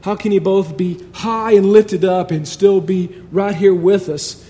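Guy giving a sermon, kinda high voice, mellow, chatty but punches his points hard. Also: steady tone, a little slow. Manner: conversational, emphatic, builds with repetition. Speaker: preacher.

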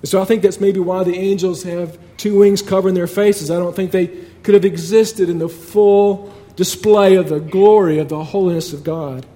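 A man's voice: high-pitched, fairly even intonation, normal speed, dark tone. A man preaching a sermon in a conversational but emphatic way, building points through repetition.

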